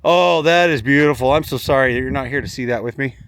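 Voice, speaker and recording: A man vlogging on a hike outdoors, exclaiming excitedly at the sights while filming on a handheld pocket camera. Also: medium pitch, fast talker, noisy background. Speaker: travel vlogger. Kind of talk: walking travel vlog. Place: outdoors on a hilltop trail.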